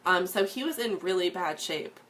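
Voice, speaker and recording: A woman's voice: lowish voice, expressive, normal speed, a bit bright, slight background noise. A woman in her thirties telling her personal story as a fitness coach, earnest and filled with ums and restarts. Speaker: fitness coach sharing a testimonial. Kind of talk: casual personal story to camera.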